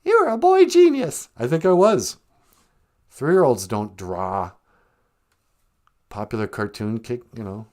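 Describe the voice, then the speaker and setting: Joking man on a lively live stream. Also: medium pitch, measured pace, long pauses. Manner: joking storyteller, laughs often. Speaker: podcast host. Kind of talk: casual live-stream chat. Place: outdoor back porch.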